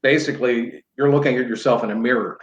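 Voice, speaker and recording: Halting middle-aged man, roomy sound. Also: mid-range voice, steady tone. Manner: modest, halting with repeated restarts. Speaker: guest play-by-play broadcaster. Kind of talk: casual podcast chat. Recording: roomy, dull remote audio.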